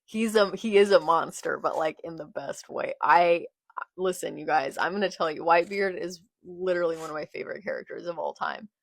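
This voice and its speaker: Gravelly-voiced young woman reacting emotionally. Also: lowish voice, a little fast, no room sound, studio quality. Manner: emotional, swings from murmured reading to anguished outbursts. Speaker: manga reaction creator. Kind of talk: live reading reaction.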